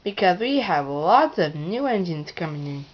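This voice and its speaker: A woman's voice: fairly low pitch, sing-song, moderate pace, lo-fi sound. A woman doing a firm railway boss. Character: bossy railway controller, older man.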